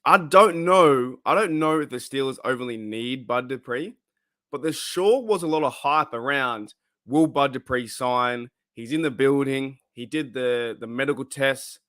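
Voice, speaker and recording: A man with an Australian accent hosts a relaxed live stream from his room. He rambles with plenty of ums and likes and greets chat viewers one by one. His voice sits at an average pitch and the sound is dry and close. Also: normal speed, dry recording.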